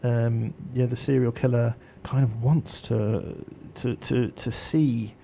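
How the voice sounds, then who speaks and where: A man's voice: mid-range voice, fairly even intonation, slow, gravelly, mellow, dull audio, a little hiss or hum. A man hosting a radio show, chatting casually with many fillers and restarts.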